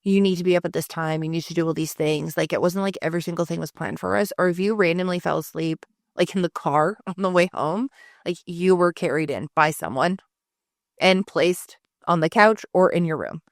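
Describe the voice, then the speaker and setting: A woman's voice: lowish voice, fairly quick, no room sound, studio quality. A woman co-hosting a podcast, telling rambling everyday stories in casual chat and swearing freely. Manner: swears often, rambling storytelling. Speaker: podcast co-host.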